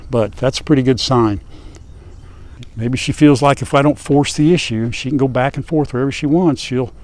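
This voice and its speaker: A man's voice: medium pitch, a little mellow, dry recording. An older man hosting a farm vlog outdoors, chatting in a folksy, wry way to viewers. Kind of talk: casual vlog to camera. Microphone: lapel.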